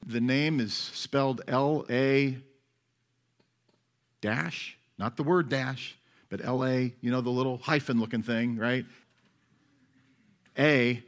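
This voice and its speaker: A male pastor delivers a sermon in an easygoing, conversational way with a wry edge. His voice sits at an ordinary middle pitch. He swings between loud, pointed remarks and soft asides. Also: a little slow.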